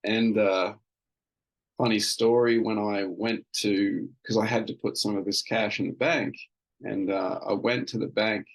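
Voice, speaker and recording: A man's voice: fairly low pitch, fairly even intonation, unhurried, poor audio. A man hosting a casual solo podcast, telling an everyday story in a rambling, self-amused way with plenty of fillers and restarts. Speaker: podcast host.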